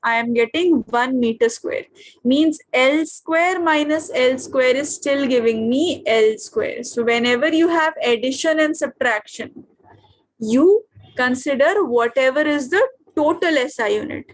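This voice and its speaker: A high-pitched woman with an Indian English accent teaches a physics class over a video call. She keeps stopping to ask her students what comes next and whether it is clear. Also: a little slow. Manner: questioning, checks understanding often.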